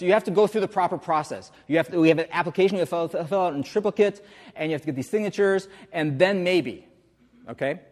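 A man's voice: high voice, brisk. Chatty preacher man in a reverberant hall. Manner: chatty, uses hesitant fillers and rhetorical questions. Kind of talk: conversational sermon. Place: church sanctuary.

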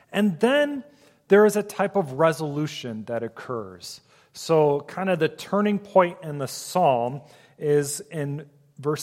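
Guy giving a sermon, earnest and reflective, kinda high voice, lots of "kind of" and "so", long echo like a big hall. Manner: earnest, reflective teaching with many fillers. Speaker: pastor.

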